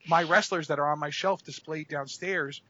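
A man with a bright, forceful voice chats casually as a podcast co-host. He rambles through long stories, packing them with "you know" and "like". The audio is dull and lo-fi. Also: a little high, fairly even intonation, normal speed, dry recording. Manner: rambling, filler-heavy storytelling. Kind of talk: casual chat.

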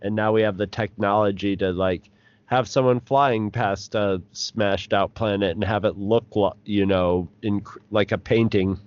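A man co-host chats in a loose, rambling way, often stopping and restarting his sentences. His voice is low and smooth. The sound is dry and a little dull. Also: steady tone, measured pace, no room sound. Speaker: podcast co-host. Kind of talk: casual chat.

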